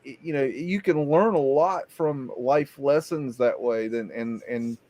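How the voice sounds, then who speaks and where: Here a Southern-accented show host, speaking slowly in a mid-range, slightly mellow voice, tells meandering stories during a relaxed live chat and keeps starting over. The recording is dry.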